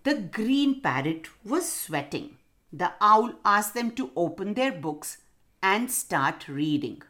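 A woman's voice: medium pitch, slow pace. A woman narrating a children's story and asking the listening children questions. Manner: expressive, addresses children directly.

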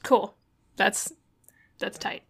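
A woman playing a tabletop game, upbeat, with quick reactions. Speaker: player. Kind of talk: casual tabletop play.

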